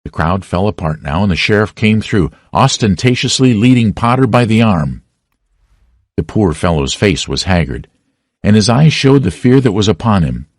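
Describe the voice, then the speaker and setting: A man narrating a classic novel as an audiobook reader, with a dramatic, expressive reading. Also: lowish voice, moderate pace, no room sound, clean studio sound. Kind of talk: scripted narration.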